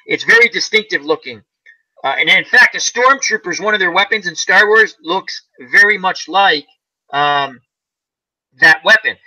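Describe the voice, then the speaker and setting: A man's voice: sits high, expressive, moderate pace, bright, forceful tone. A man hosting a casual chat, rambling through a movie plot and acting out its lines. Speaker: channel host. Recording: dull lo-fi sound.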